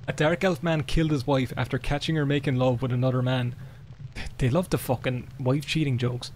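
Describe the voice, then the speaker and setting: A man streaming a game live, swearing, laughing and reading in-game books aloud with excitement. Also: mid-range voice, brisk, slight background noise. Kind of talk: live gameplay commentary.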